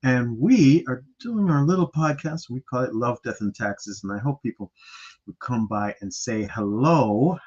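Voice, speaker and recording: A man's voice: mid-range voice, animated, unhurried, a little mellow, slightly rough, muffled recording. A man hosting a podcast in a playful, rambling chat, often repeating himself. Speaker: podcast host. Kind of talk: casual chat.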